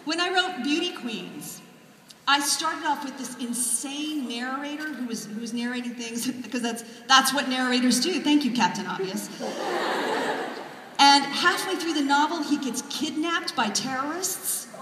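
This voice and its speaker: A woman's voice: high voice, animated, measured pace, background noise. A woman author giving a comic keynote speech, wry and self-deprecating with punchy jokes. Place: large hall. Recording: echoey hall from far off, crowd. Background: audience laughter.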